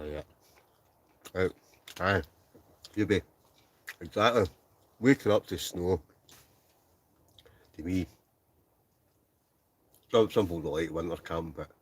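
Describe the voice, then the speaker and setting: Deep-voiced Scottish man chatting casually. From Scotland. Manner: chatty, laughs often, reads viewer comments aloud. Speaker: livestream host. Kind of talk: casual live chat reading comments. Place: inside a tent.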